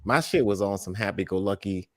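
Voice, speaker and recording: A man co-hosting a casual, heated chat, getting animated and breaking into loud outbursts when he quotes others. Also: fairly low pitch, brisk, no echo, clean studio sound. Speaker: podcast co-host.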